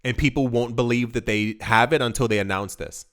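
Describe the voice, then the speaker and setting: Emphatic man talking fast to camera. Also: medium pitch, fairly bright tone. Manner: emphatic, repeats words and stumbles, acts out quoted voices. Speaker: crypto video host. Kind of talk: casual direct-to-camera commentary.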